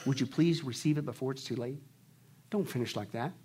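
A male pastor preaching a sermon, swinging between hushed near-whispers and loud, fervent delivery. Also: mid-range voice, brisk, a little hiss or hum.

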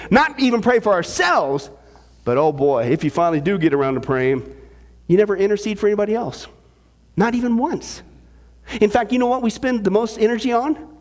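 A pastor preaching a sermon, full of energy, asking the congregation rhetorical questions and teasing them with humor. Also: male voice, extremely high pitch.

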